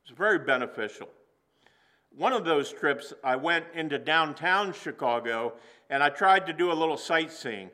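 Man, pastor, sermon, earnest, emphatic slow phrases, bright tone, church sanctuary. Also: on the high side, animated.

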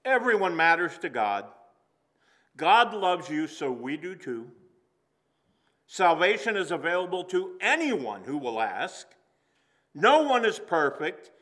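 Bright-voiced preaching man. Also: fairly high pitch, sing-song. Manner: earnest preaching with slowed emphatic phrases. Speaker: pastor. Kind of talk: sermon. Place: church sanctuary.

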